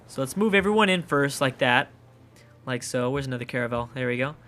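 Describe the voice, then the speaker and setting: Canadian man, let's play commentator, bright and a touch high, thinks aloud and swears, faint music under. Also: lively intonation, fairly quick. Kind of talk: casual gameplay commentary.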